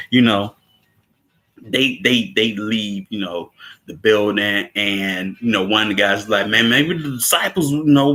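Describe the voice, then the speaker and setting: A man casually recapping a film scene, laughing often, repeating words and acting out quotes in a higher voice. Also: sharp tone.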